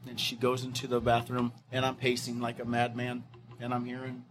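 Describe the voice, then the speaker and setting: A man's voice: medium pitch, completely flat delivery, fairly quick, background noise. A middle-aged man, a fire captain, recounting an evacuation with many fillers and restarts, sometimes acting out the voices of others. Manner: acts out quoted voices of others.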